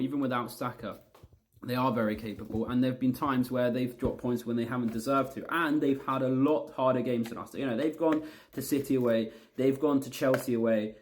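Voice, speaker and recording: A man's voice: mid-range voice, a little mellow, a little hiss or hum. A man giving a heated, blunt football match review as a fan vlogger, repeating himself and swearing.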